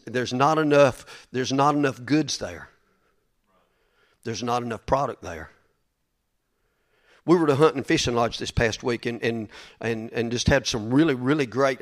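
A man's voice: medium pitch, normal speed. A man preaching a sermon in a folksy, emphatic way, often repeating his words.

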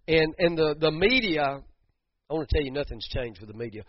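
A man's voice: fairly high pitch, lively intonation, fairly quick, no echo. A man preaching a sermon, building to emphatic bursts and repeating words as he goes. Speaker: pastor. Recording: dull muffled sound, dry.

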